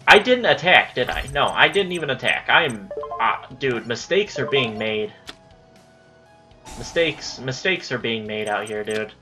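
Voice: mid-range voice, expressive, unhurried, bright, forceful tone. Casual let's-play commentator over game music. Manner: casual self-talk, says "dude" a lot. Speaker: gaming channel host.

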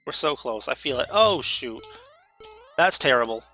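A man giving live commentary while playing a video game, excitable, talking to himself and letting out sudden yelps. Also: mid-range voice, unhurried, soft background music.

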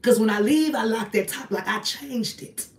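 A woman's voice: on the high side, moderate pace, recorded from a distance. A woman, talking to her viewers in a casual livestream from her apartment, emphatic and repetitive as she preaches. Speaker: online ministry host. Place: small home apartment, indoors. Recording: echoey room, voice off-mic.

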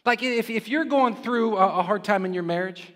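A man delivers a sermon in a notably high voice, talking it through conversationally and checking in with rhetorical questions. His words ring out with a long reverb, as in a church sanctuary. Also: moderate pace, a bit bright. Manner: conversational, with frequent rhetorical "right?" check-ins. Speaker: preacher.

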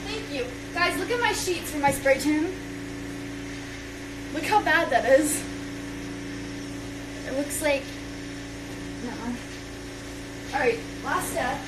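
A young woman with a high voice chats casually and rambles on a phone livestream while she tidies her bedroom. A steady hum of background noise sits under her voice. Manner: chatty and rambling, talks while tidying up. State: out of breath. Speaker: social media creator.

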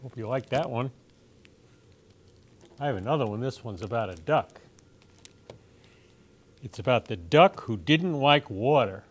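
Slow, gentle storytime man. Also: medium pitch. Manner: slow, gentle, expressive read-aloud. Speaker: storytime reader. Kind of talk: children's storybook reading.

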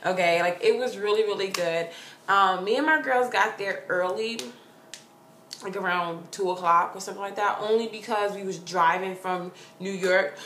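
A young woman vlogging from her corner at home, telling a story in a gushing, excitable way with lots of "like". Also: on the low side. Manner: excitable, gushing, heavy use of "like". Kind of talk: casual storytelling vlog. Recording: roomy sound with faint hiss.

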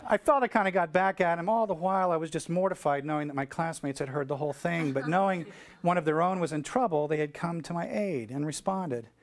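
A middle-aged American man giving a keynote speech, telling a story and acting out the dialogue with lively energy. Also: on the high side, fairly quick. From United States. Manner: animated storyteller acting out dialogue, shouting cheers. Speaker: keynote speaker.

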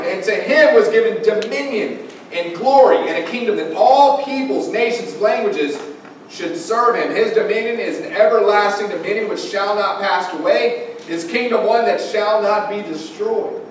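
A high-voiced male pastor preaches in a church sanctuary, pressing his point with questions to his listeners. His voice booms back from a very echoey hall, picked up from some distance by a room mic, with faint noise underneath. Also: moderate pace. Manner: preaching with rising emphasis and direct questions to listeners. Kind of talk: sermon.

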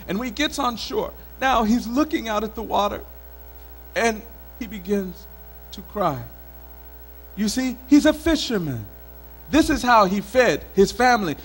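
A male storyteller from Mali telling a folk tale in an expressive, dramatic way at a live event. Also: sits high, husky, low-quality recording. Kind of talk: oral storytelling performance. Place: country club event.

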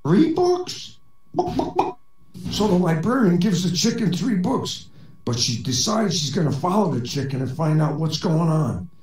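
Corny joke-telling man, lively pitch. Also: normal speed, echoey room, recorded from a distance, poor audio. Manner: dry, corny joke delivery in a robot persona. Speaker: stand-up comedian. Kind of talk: joke-telling set in a voice chat.

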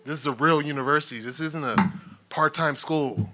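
A man's voice: a little high, normal speed, sharp tone. A man speaking as a new head coach at a press conference, fervent and emotional, talking in earnest bursts.

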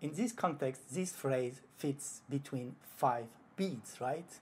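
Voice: medium pitch, a little slow, few pauses, a little mellow, a little hiss or hum. A flamenco guitar teacher giving an online lesson, explaining patiently and voicing rhythm syllables aloud. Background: faint guitar playing.

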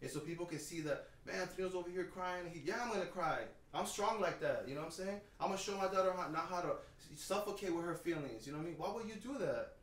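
Fast-talking man in an echoey room. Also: fairly high pitch, recorded from a distance. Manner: emotional, expressive, profane, repeats "you know what I'm saying". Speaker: podcast co-host. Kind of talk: candid podcast conversation.

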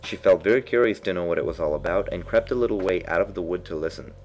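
A man narrating a classic storybook in a measured, expressive reading. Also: sits low, low-quality recording.

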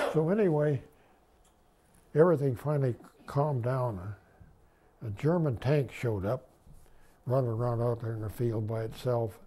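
An older veteran recounts his memories in a loose, folksy way, often stopping to restart a sentence. His voice is mellow and dark, with a husky edge. He sits at a middling pitch for a man. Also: a little slow, pauses often. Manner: rambling, folksy, many restarts. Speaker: WWII veteran interviewee. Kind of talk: oral history storytelling.

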